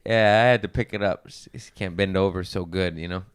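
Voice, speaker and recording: Brief: man, lowish voice, smooth and clear, crude animated storyteller, dry studio sound. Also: fairly quick, no room sound. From Mexican-American family. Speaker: podcast guest. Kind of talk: casual podcast chat.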